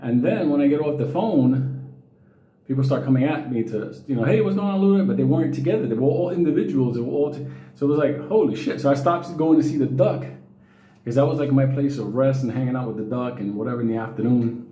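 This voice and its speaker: A middle-aged man, telling stories to his viewers in a casual, profane, animated way. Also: medium pitch, fast, roomy sound, highs cut off. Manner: profane, animated, quotes people in raised voices. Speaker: vlogger.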